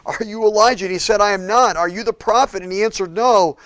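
A man preaching a sermon as a pastor in a church, shifting between loud, emphatic declarations and quiet, hushed passages. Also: high-pitched, quick pace, dry recording. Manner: preaches with big swings from shouting to hushed tones.

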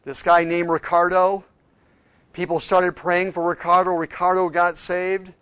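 A man delivers a sermon, retelling stories of changed lives with quoted dialogue. His voice sits a little high for a man, and the recording is dry and close, with no room sound. He swings between hushed, quiet passages and emphatic, rising ones. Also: level tone, a little slow, clean tone, no echo. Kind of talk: sermon storytelling.

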